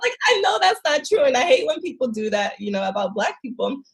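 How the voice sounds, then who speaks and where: Animated woman telling travel stories. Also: high-pitched, fairly quick, creaky. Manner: animated, expressive, laughs often. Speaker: travel guest. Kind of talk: casual interview storytelling.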